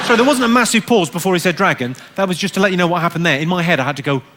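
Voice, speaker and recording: A man doing stand-up comedy on a theatre stage, with a dry, quick and cutting delivery. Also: high-pitched, very noisy. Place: large theatre stage with a laughing audience. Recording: live theatre recording with loud audience laughter.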